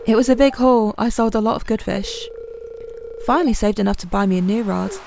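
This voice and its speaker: A woman's voice: on the high side, a little fast, gravelly, a little mellow, a little hiss or hum. Woman reading as a hearty old fisherman. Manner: stumbling over the read lines.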